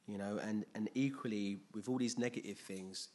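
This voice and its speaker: A man preaching a sermon, retelling a story with lively, jokey slang asides. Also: fairly low pitch, moderate pace.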